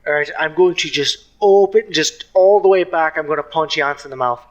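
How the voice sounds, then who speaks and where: Animated man playing a tabletop game. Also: a little high, fairly quick, dull audio. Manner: animated, swears freely. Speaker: player. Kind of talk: in-character tabletop play.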